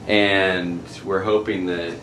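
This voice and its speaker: A man's voice: sits low, level tone, slow pace, a bit bright, a little hiss or hum. A young man hosting a travel video, hesitant with many fillers. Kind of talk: casual vlog intro.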